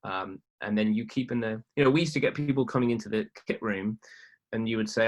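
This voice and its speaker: A man, a filmmaker guest on a podcast, chatting casually in a relaxed, hesitant way with frequent fillers and restarts. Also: fairly low pitch, quick pace.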